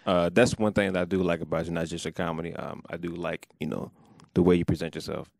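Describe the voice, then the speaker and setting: Low, gravelly male podcast co-host, slow and halting, dry close mic. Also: steady tone, no echo. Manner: slow, hesitant, fillers like uh. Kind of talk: casual chat. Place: studio in Richmond, Virginia.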